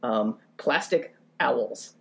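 Guy telling a funny rant on a podcast, jumpy and self-mocking, gets high when he's worked up. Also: very slow, creaky. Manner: animated, self-mocking, rants with rising pitch. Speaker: podcast co-host. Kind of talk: comedic storytelling.

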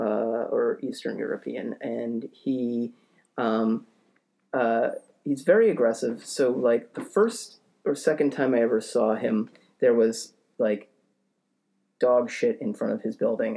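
Mid-range and a little mellow, his voice carries some vocal fry. The young man rambles through a funny podcast story with plenty of hesitation, filler words, and jokes at his own expense.

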